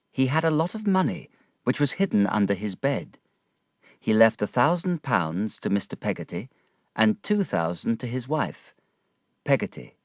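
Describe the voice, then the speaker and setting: Slow, lively storybook narrator man. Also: fairly low pitch, no room sound, clean studio sound. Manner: slow, clear, careful. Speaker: reader of graded stories.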